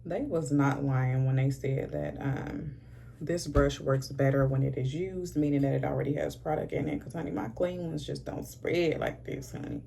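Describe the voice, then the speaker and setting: Casting note: sassy woman in her thirties, low gravelly voice, dark mellow tone, casual makeup vlog with a faint hiss behind. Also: fairly even intonation, normal speed. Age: 30s. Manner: chatty, sassy, says "honey" a lot. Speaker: beauty vlogger.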